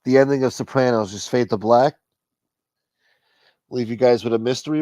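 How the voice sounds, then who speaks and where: A man's voice: medium pitch, steady tone, normal speed, pauses often, warm tone, no echo. Profane, rambling man on a live stream. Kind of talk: casual live stream chat.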